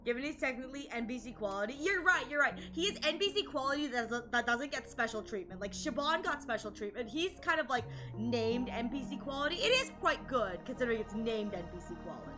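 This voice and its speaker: A woman streaming a game, gushing and bubbly, with quick excited asides. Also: on the high side, over music. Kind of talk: excited live gameplay commentary.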